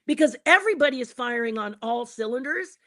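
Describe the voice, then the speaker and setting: A woman guest on a podcast, telling stories in an animated, dramatic way and acting out the people in them. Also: a little high, brisk. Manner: animated, dramatic storyteller who acts out quotes. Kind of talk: podcast storytelling.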